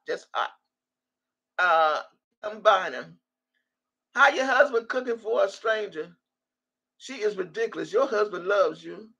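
A woman's voice: mid-range voice, gravelly, a bit bright, breathy edge, muffled recording. A woman in her sixties hosting a casual livestream, reading viewer comments aloud in a loose, salty way and laughing often.

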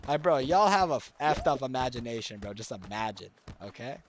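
A young man live-streaming games, bantering in slang and yelling at the gameplay. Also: mid-range voice, animated, brisk, a little hiss or hum. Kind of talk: live gaming stream chat.

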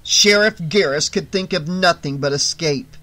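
A man narrating a horror audiobook in a bright, forceful voice that sits a little high for a man. He reads with dramatic, tense storytelling. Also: measured pace, faint music behind.

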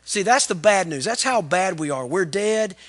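A man, preaching a sermon as pastor in an animated, folksy storytelling way. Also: high voice, normal speed. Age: 40s.

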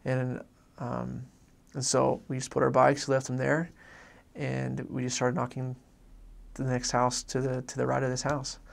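A young man, a former missionary, telling a personal story in a halting way, repeating words and filling pauses. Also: mid-range voice, completely flat delivery, vocal fry.

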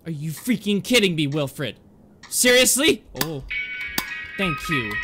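A young man commenting on a horror game he is playing, excitable, yelling, laughing and talking back to the characters. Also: a little high, a little slow, faint music behind. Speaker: gaming YouTuber.

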